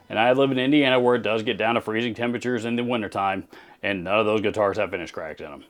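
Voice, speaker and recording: A man's voice: fairly low pitch, fast talker, soft background music. A man from Texas hosting a channel, answering viewer comments in blunt, sarcastic casual commentary with many restarts.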